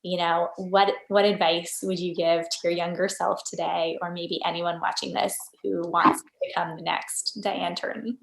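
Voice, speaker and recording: A woman's voice: fairly low pitch, level tone, moderate pace, gravelly, few pauses, slight background noise. A woman hosting an interview series, upbeat and polite as she asks questions and wraps up. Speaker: interview host. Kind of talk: hosted interview. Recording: roomy echo.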